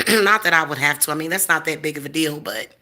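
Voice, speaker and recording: Fast and low-pitched, her voice is bright with a forceful tone. The woman, in her forties, rants straight at the camera in a profane, confrontational monologue, boasting defiantly.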